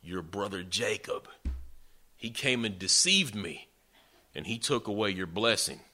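A man's voice: on the low side, expressive, measured pace, sharp tone, exaggerated voice. A man voicing an old father who solemnly pronounces blessings in a sermon retelling.

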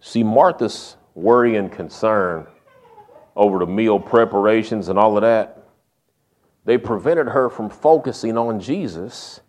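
A man's voice: on the low side, a little slow, darkish tone. A man preaching a sermon, telling stories in a folksy, humorous way. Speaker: pastor.

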